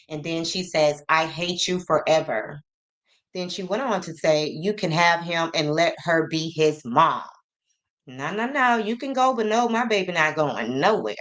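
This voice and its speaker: A woman hosting a casual livestream, greeting her chat by name and reading messages aloud slowly. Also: low-pitched, a bit bright. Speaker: livestream host.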